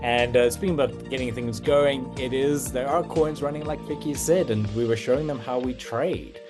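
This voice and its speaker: A man hosts a relaxed livestream, talking in a loose, halting way. He stumbles through restarts and fills the gaps with plenty of "uh"s and "um"s. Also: mid-range voice, music in the background. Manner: halting, with many fillers and restarts. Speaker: host. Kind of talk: casual livestream chat.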